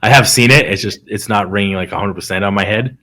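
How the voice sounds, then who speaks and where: A fairly low-voiced man co-hosting a podcast in a loose, casual way. He draws out his phrases and keeps asking whether you know what he means. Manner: relaxed, drawn-out phrasing, agreeable, lots of "you know what I mean". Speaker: podcast co-host. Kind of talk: casual chat.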